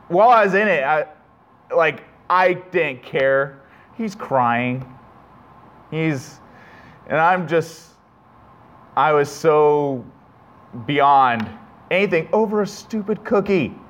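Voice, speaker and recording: A man's voice: on the high side, slow pace, pauses often, a bit bright. A man with a slightly raised voice delivers a sermon, weaving in an earnest personal story. He reflects on his own failings and often restarts his sentences. The recording is dull and lo-fi. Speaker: preacher.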